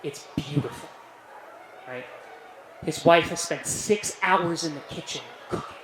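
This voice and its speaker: Young male stand-up, a bit high-voiced, chatty "right?" delivery, roomy club sound. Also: a little slow. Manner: animated, keeps asking "right?", jokey self-praise. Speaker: stand-up comedian. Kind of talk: stand-up comedy set. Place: comedy club stage with a live audience. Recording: roomy live club sound with faint room noise.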